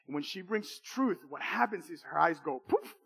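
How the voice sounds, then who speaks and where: High-voiced man preaching with emphatic repetition. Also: expressive, normal speed, gravelly, a bit bright, slight background noise. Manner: emphatic and repetitive, with emotional swings. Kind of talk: sermon with personal testimony.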